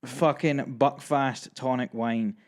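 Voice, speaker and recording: A Scottish man in his thirties telling stories on a casual podcast, animated and sweary. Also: medium pitch. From Scotland. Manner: animated, sweary, quick to mimic others. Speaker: podcast co-host. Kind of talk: casual storytelling chat.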